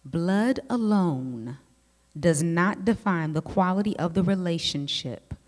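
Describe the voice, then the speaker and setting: A woman, a psychologist giving a teaching talk to a group of women, telling lively personal stories and speaking straight to her listeners. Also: fairly low pitch, moderate pace. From United States. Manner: lively storyteller who speaks straight to the audience. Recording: long hall reverb.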